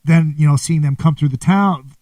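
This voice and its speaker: An eager male host from the Midwest runs a casual chat and reads viewer comments aloud. His voice sits a little high, and he is recorded in a dry room, set back from the mic. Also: normal speed, darkish tone, dry recording, distant mic. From American Midwest.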